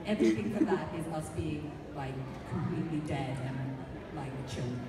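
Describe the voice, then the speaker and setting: A woman's voice: low-pitched, moderate pace, very noisy. A woman speaking on a convention panel, answering fan questions in a playful, joking way. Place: large convention hall with audience. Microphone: hall PA mic, recorded from the audience. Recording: distant, echoey hall over loud crowd.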